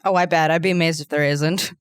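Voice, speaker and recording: A woman's voice: low voice, fairly even intonation, smooth. A woman guesting on a comedy podcast, teasing and laughing in casual chat. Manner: quick, teasing, laughs a lot.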